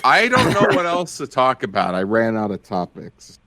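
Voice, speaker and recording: A man co-hosting a casual podcast, playful and quick with his asides. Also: mid-range voice, big pitch swings, pushed and bright. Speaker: podcast co-host. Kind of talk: casual group chat.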